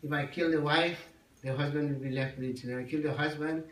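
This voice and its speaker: A man doing a gruff hunter, a hard, merciless man now questioning his own deeds in a spoken folk tale. The voice sits a bit high and rings around a large echoey room, heard from some distance off the mic. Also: steady tone, quick pace, fairly bright tone, close to an everyday voice. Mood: troubled. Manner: pondering, questioning. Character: wicked hunter turning remorseful, adult man.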